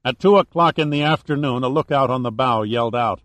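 A man reads an audiobook in a steady, even storytelling voice. His pitch sits in the middle range. The recording is dry and close, with no room sound. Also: a little fast, no room sound. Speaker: narrator. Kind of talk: audiobook narration.

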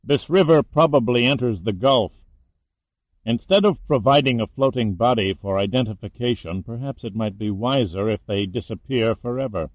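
A man's voice: medium pitch, normal speed, dry recording, muffled recording, lightly acted. A man voicing a detached male villain who speaks indifferently. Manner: cool, indifferent.

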